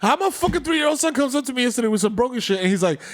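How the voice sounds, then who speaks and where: Rowdy high-pitched Bronx man riffing. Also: expressive. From the Bronx, New York. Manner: loud, profane, acts out characters in quick bits. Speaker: podcast co-host. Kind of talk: casual comedic banter. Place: studio.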